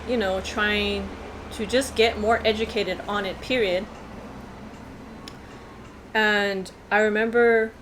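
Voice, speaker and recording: A woman's voice: mid-range voice, noisy background. A woman vlogger telling a personal story in a casual, earnest, rambling way with many fillers.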